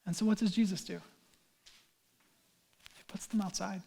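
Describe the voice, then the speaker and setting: A man's voice: high-pitched, fairly even intonation, moderate pace, creaky, warm tone, husky. A man in his thirties, a pastor preaching a sermon in an earnest, conversational way with casual asides.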